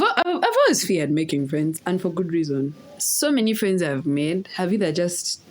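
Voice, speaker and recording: A young woman from Uganda, casually telling a story in a vlog and acting out the voices in quotes. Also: sits low. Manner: animated, laughing, acts out voices in quotes. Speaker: vlogger.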